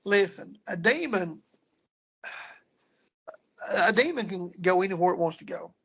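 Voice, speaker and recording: Husky and animated, with vocal fry in his high voice, a guest paranormal investigator tells ghost-hunting stories a little slowly. The talk is casual and rambling, full of repeated words and restarts.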